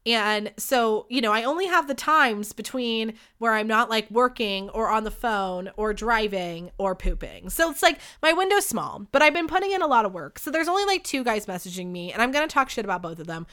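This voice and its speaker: Young woman podcasting solo, chatty and swears a lot, bright clear voice. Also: fairly high pitch, fairly quick, hardly any pauses. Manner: chatty, candid and animated, with frequent swearing. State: sick. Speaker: podcast host. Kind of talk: casual solo podcast storytelling.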